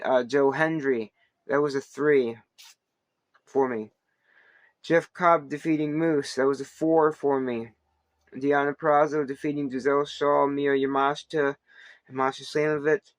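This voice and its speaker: A man's voice: mid-range voice, no echo. A man hosting a wrestling podcast, giving a casual, rambling recap full of fillers, restarts and playful asides.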